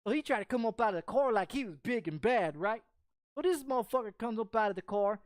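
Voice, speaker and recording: A man's voice: sits high, lively intonation, fast talker, no echo, studio quality. Foul-mouthed rambling male streamer. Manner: profane, rambling, repeats himself. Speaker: game streamer. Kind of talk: casual storytelling while gaming.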